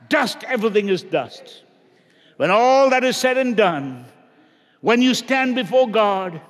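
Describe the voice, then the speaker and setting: A male pastor preaching a sermon, swinging between shouted lines and low hushed ones. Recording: long reverb of a large hall.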